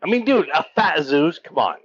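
A man's voice: fairly high pitch, lively intonation, brisk, a bit bright, husky, no room sound, muffled recording. A man co-hosting a podcast in casual chat, blunt and emphatic, swearing a lot. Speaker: podcast co-host.

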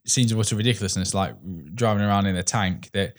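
A man's voice: fairly low pitch, steady tone, fast. A man in casual film chat, rambling with many "like"s and "you know"s.

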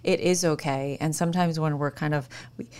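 A woman hosting an interview, asking gently and affirming her guest. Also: sits low, fairly even intonation, a little fast, smooth. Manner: supportive, affirming, asks gently. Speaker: interview host. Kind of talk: conversational interview.

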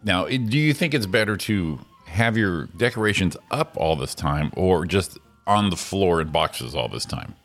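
A man's voice: low-pitched, animated, normal speed, few pauses, fairly bright tone, soft background music. A man co-hosting a casual morning show, joking, laughing often and swearing casually. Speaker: co-host.

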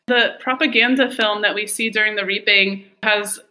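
A woman's voice: medium pitch, steady tone, moderate pace, bright, forceful tone. A young woman co-hosting a podcast, reading prepared analysis of a film with casual fillers. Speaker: podcast co-host.

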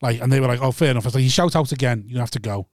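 A man's voice: mid-range voice, rapid-fire, no echo, studio quality. A man, a stand-up comedian, teasing his co-host and telling rambling anecdotes in casual podcast chat.

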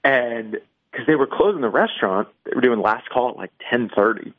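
Man, radio guest, chatty anecdote, mid pitch, phone-line sound. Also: brisk. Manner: chatty anecdote teller, laughs along. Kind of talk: casual radio chat.

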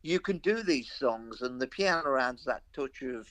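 An older veteran rock guitarist from the Black Country in the English Midlands chats as an interview guest, rambling through anecdotes with self-mocking humour in his Black Country accent. His medium-pitched voice is animated, slightly slow, and a bit bright.

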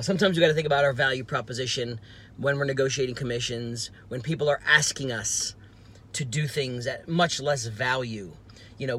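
Speaking at medium pitch, this New Jersey podcast host and sales coach animatedly relates a story in casual conversation. He voices the other person's quoted lines and laughs along the way.

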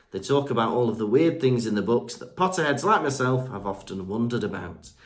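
A man from Britain co-hosting a podcast, chatting casually and reading out listener reviews, joking and stumbling over names. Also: medium pitch. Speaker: podcast co-host.

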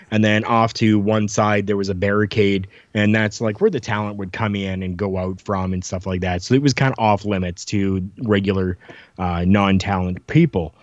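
A man's voice: lowish voice, dry recording, dull audio. A man telling stories in a casual chat, acting out the lines of people he quotes. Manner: animated storyteller, acts out quotes. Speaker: podcast guest telling stories.

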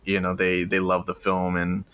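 A young man chatting casually as a podcast co-host. His voice sits low but sounds bright and forceful. He rambles loosely, leaning on fillers and laughing often. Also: completely flat delivery, normal speed, clean tone. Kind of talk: casual chat.

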